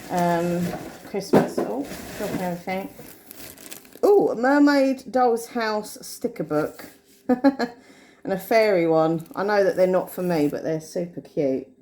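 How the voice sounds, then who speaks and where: A woman's voice: fairly low pitch, measured pace, warm tone. A woman, rambling and thinking aloud to the camera while vlogging her day at home and out and about. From England. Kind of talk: casual day-in-the-life vlog chat.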